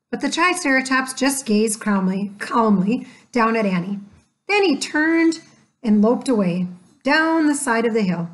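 A woman reads a children's storybook aloud in a gentle, measured voice. She takes her time, with a slightly high pitch. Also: lively intonation. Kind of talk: scripted storybook narration.

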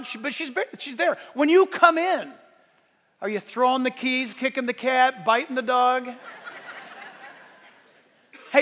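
High-voiced animated male pastor in reverberant hall. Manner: animated preaching, swings from loud to hushed. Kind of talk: sermon. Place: church sanctuary. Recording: long church hall reverb.

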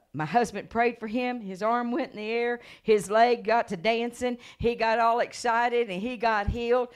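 Woman evangelist, middle-aged, revival sermon; dramatic storyteller who swells into loud, fervent preaching. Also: medium pitch, smooth. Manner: animated storytelling, acts out voices and gasps; rises to loud preaching cadence.

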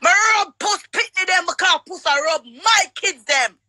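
Loud, bright-voiced Jamaican woman shouting. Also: very high-pitched, no room sound. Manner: shouting, cursing, rapid-fire. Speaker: livestream guest. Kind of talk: heated livestream quarrel.

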